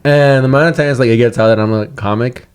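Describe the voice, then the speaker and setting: A man's voice: medium pitch, fast, clear, resonant tone. A man who is a comedian and podcast host, chatting casually, swearing freely and laughing as he tells stories.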